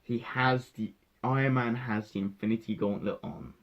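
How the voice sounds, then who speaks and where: A young man recounting a film in excited casual talk, swearing freely and acting out his own reactions. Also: lowish voice, moderate pace, lo-fi sound. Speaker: vlogger reviewing a film.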